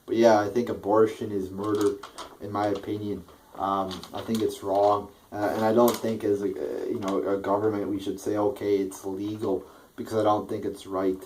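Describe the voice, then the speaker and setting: A man's voice: lowish voice, level tone, moderate pace, a little mellow, slight background noise, poor audio. A man delivering a blunt, profane political rant, rambling with many restarts. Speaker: political vlogger.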